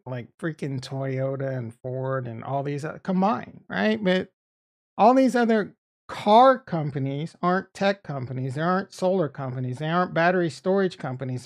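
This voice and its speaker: A man's voice: fairly high pitch, animated, normal speed. A man with a Boston accent, chatting casually on a livestream, rambling and swearing as he answers chat. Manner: rambling, profane, talks back to chat. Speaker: crypto streamer reading chat.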